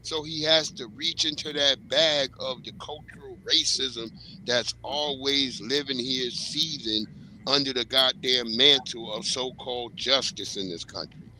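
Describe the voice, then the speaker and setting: A man's voice: mid-range voice, measured pace, pushed and bright, slight background noise, poor audio. A man in a casual panel talk, heated and blunt, swearing freely.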